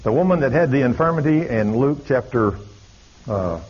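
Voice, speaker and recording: A man's voice: mid-range voice, lively intonation, normal speed, darkish tone, husky. A man preaching, telling a story in a folksy, dramatic way. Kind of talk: sermon storytelling. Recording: dull lo-fi recording.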